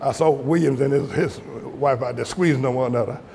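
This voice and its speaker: An older man preaching a fiery sermon as pastor, breaking into laughter and shouting at the high points. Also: brisk, gravelly, a little hiss or hum. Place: large church hall. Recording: echoey church hall.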